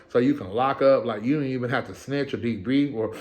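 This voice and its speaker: A man's voice: medium pitch, a little fast. A middle-aged man casually telling a story in a streetwise, profane style. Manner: streetwise, profane, animated retelling with quoted voices.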